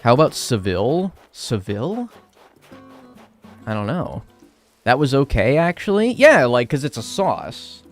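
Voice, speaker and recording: A man's voice: mid-range voice, big pitch swings, unhurried, pauses often, faint music behind. A young man live-streaming a game, chatting casually and sarcastically with chat and swearing now and then.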